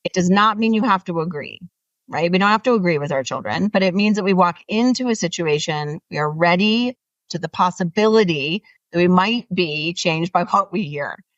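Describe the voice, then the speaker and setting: A woman guest explains her ideas with earnest energy, her voice lifting sharply when she drives a point home. Her voice sits on the low side. The recording is dry but distant and slightly muffled. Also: normal speed, dry recording. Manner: animated, earnest, rises in pitch when making a point. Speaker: author guest. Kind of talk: interview conversation.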